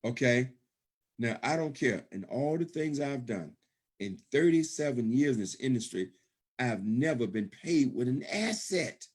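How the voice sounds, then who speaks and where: A man's voice: mid-range voice, lively intonation, a little slow, breathy edge. A middle-aged man, presenting a business opportunity on a call, emphatic and repetitive, checking in with "okay?" often. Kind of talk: sales pitch on a conference call.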